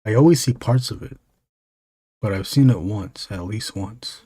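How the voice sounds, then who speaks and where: A man in his forties, an illustrator chatting casually and haltingly while he draws on a stream. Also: lowish voice, warm tone, breathy edge. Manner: rambling, halting, distracted asides. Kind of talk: casual chat while drawing.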